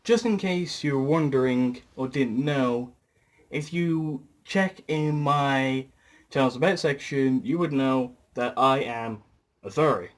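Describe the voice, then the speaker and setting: A man's voice: mid-range voice, slow pace. A young British man talking casually to camera in a rambling, chatty vlog with fillers. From Britain. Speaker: YouTuber.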